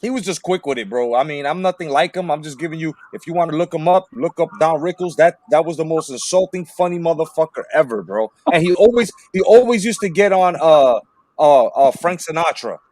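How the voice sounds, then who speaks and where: A man hosting a casual movie-talk livestream, telling stories in an animated, swearing way. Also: fairly high pitch, fairly quick, dry recording. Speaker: livestream host.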